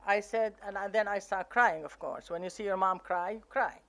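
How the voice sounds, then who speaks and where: An older woman from Palestine with an Arabic accent, telling family stories from her memoir with lively, acted-out quotes. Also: mid-range voice, moderate pace, hardly any pauses, slight background noise. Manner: animated storytelling, acting out family quotes. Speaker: memoir author.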